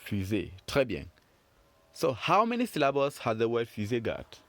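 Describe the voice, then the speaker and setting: A man teaching French phonics to children in a patient, encouraging way, repeating sounds slowly. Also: mid-range voice, huge pitch swings, no room sound. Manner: slow, patient, encouraging, drawn-out repetitions.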